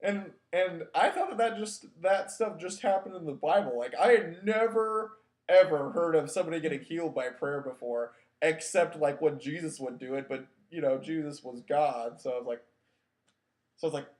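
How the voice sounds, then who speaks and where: A man's voice: on the high side, normal speed, a little mellow. A man hosting a show, telling a personal story in a casual, wry, self-mocking way, loose with filler words. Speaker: podcast host. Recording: echoey room.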